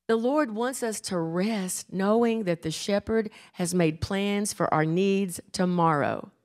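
An older woman preaching a sermon in church, earnest and emphatic, slowing down and repeating key phrases. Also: mid-range voice, a little mellow.

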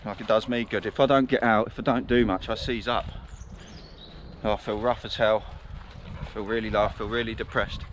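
A lowish-voiced man talks casually to his viewers as he walks through woodland. He rambles easily from thought to thought and breaks off now and then to call his dogs. Wind and outdoor noise sit clearly under his voice. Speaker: vlogger walking his dogs. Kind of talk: casual chatty walking vlog. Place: outdoor woodland on a windy day.

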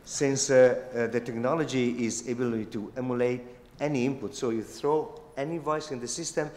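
A man whose first language is Italian, answering judges' questions on stage in a hotel hall, talking haltingly with restarts. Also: mid-range voice, steady tone, a little mellow. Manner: halting, restarts phrases, many yeahs. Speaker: pitching innovator. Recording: echoey hotel hall with long reverb.

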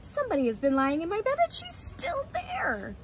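A woman voicing an excited little bear cub in a high, eager voice, read aloud in a noisy recording. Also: normal speed, full character voice. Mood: upset. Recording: noisy, with vehicle sounds.

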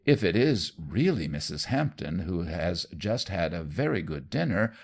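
A man voicing a cynical young gentleman, contemptuous and dryly polite. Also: low voice, big pitch swings, unhurried, heavily acted. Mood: dry mockery.

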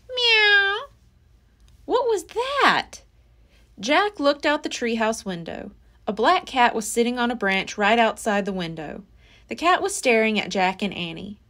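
A woman's voice: a little high, a bit bright. A woman library storyteller reading a children's chapter book aloud with expression. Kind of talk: children's read-aloud narration.

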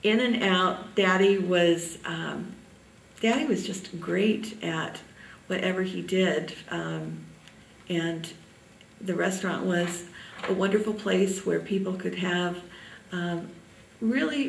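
An older woman from Indiana reminiscing in an oral history interview, halting often with ums. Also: on the low side, vocal fry, echoey room, far from the mic, slight background noise, rough recording.

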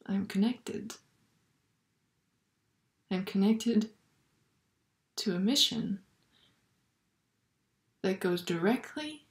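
A woman speaks in a slow, thoughtful way, sharing a spiritual reflection at an unhurried pace. Now and then her voice softens into a near-whisper. The recording carries a noticeable roomy echo. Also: medium pitch. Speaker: Catholic video blogger.

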